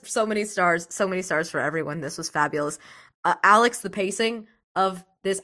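A woman's voice: medium pitch, a bit bright. A woman in a casual chat about a game session, effusive and full of praise. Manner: effusive and gushing. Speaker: player.

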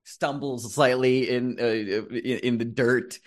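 A man's voice: mid-range voice, steady tone, takes it slowly. A man narrating as game master of a tabletop game, loose and casual, swearing often.

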